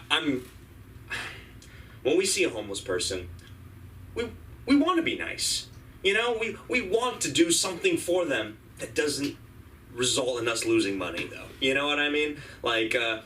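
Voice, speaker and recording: A man from San Francisco hosts a comedy open mic. His delivery swoops and leaps in pitch, and his voice is bright and fairly high. A distant mic leaves faint room noise around him. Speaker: comedy show host. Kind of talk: stand-up emceeing.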